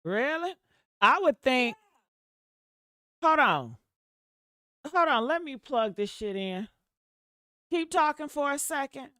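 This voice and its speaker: A woman's voice: high-pitched, big pitch swings, measured pace, long pauses, bright, forceful tone, no room sound, clean studio sound. A woman giving blunt, profane, sassy commentary on a livestream, calling her listeners honey. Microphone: desktop mic.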